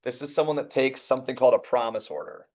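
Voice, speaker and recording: A man giving a lively sales training talk, telling stories and checking in with the room. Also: medium pitch, quick pace. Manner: energetic, conversational, checks in with listeners.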